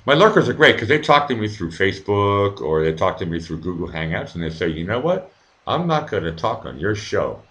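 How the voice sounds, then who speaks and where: A man's voice: lowish voice, very animated, a little fast, bright, forceful tone. A middle-aged man hosting a live stream, rambling casually, swearing freely and reading viewers' chat aloud with many fillers and restarts. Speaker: livestream host.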